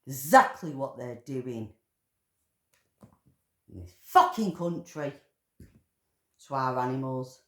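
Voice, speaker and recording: A woman's voice: rumbling low, lively intonation, slow, pauses often. A woman ranting in angry commentary, full of swearing and emotional outbursts. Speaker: vlogger commentator. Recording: echoey room.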